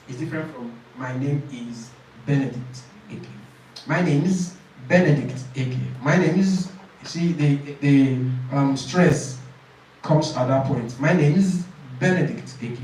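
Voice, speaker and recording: A man's voice: on the high side, a little slow, distant mic, a little hiss or hum. A man, coaching an IELTS speaking class. He talks emphatically, repeats phrases and acts out sample exam answers. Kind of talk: classroom lesson. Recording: very echoey room, voice from off-mic.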